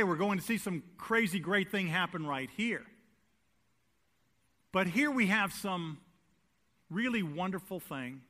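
Bright-voiced preacher, a man pitched high. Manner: emphatic preaching, swinging between loud declarations and hushed lines; direct, asks the congregation rhetorical questions. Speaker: pastor. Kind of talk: sermon. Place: church sanctuary.

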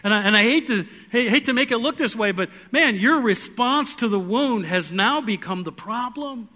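A man with a high, bright voice delivers an earnest sermon in a church. He tells a personal story, rising into loud pleading and then dropping to hushed, quiet moments. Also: expressive, normal speed. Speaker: preacher.

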